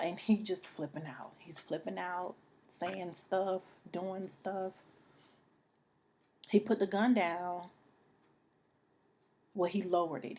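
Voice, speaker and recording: Slow, low-voiced woman telling a painful story. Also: fairly even intonation, darkish tone, slightly rough. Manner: halting, emotional, drops to near whispers; repeats phrases, many restarts. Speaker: vlogger telling a personal story. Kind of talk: personal storytelling to camera.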